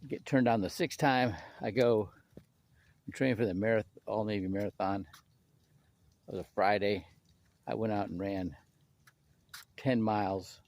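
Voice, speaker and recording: A man telling a personal story in a lively way, stumbling over restarts and repeated words as he goes. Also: fairly low pitch. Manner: animated, acts out quoted people in a raised voice. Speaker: speaker sharing his testimony.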